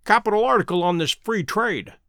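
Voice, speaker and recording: A man voicing a keen, self-assured detective who speaks crisply and precisely, in a dry close recording. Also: high voice, lively intonation, a little fast, a bit bright, dry recording, pitched above the performer's own voice. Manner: crisp, precise and pleased with himself.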